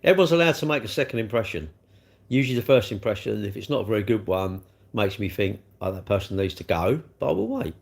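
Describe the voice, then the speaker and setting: A man's voice: on the low side, sing-song, fast talker, gravelly. An older man, hosting a casual livestream, chatting in a rambling, blunt way while he answers viewer comments. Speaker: livestream host.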